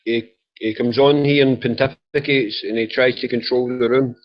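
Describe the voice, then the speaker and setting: A Scottish man chatting loosely in an online group call, swearing freely and joking. His voice comes through an old, dull-sounding microphone, at a middling pitch. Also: fairly even intonation, moderate pace. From Scotland. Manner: swearing, joking, laughs at own stories. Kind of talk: casual group voice chat. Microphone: old computer mic.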